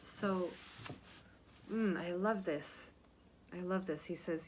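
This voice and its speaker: A woman's voice: lowish voice, steady tone, measured pace, a little mellow, a little hiss or hum. Chatty woman telling a story. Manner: chatty, checks in with "right?". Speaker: yoga teacher. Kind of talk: casual storytelling from a book.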